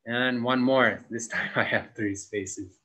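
A young adult man teaching an English grammar lesson, slowly stretching out key words as he models them for students. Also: medium pitch, fairly even intonation, bright, forceful tone, low-quality recording.

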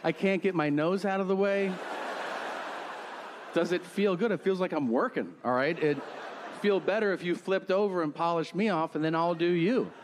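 A man's voice: sits high, normal speed. A man doing a crude stand-up comedy set, telling stories with big acted-out quotes. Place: comedy venue stage with audience. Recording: live stage with long reverb and hum.

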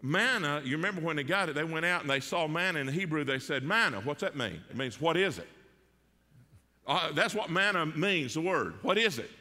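A man's voice: a little high, animated, brisk, hardly any pauses, sharp tone, big-room sound. A man with a Southern US accent preaching a sermon as pastor, folksy and conversational, with rhetorical questions and jokes. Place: church sanctuary.

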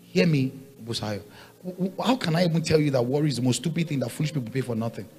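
A man preaching a sermon, swinging from quiet asides to loud shouted points and hammering on repeated rhetorical questions. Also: on the high side, fast talker, soft background music. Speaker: pastor.

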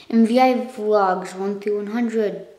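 Recorded on a phone in an echoey room, the channel owner makes a casual thank-you vlog, rambling, correcting herself, coughing and clearing her throat. Her mid-range voice is warm and slow with fairly even intonation.

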